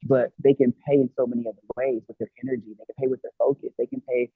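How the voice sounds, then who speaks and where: A man chatting casually as a tarot reader in an interview, lively and often quoting other people in character. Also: medium pitch, fast, slightly rough, no echo. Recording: tinny phone-like line, dry.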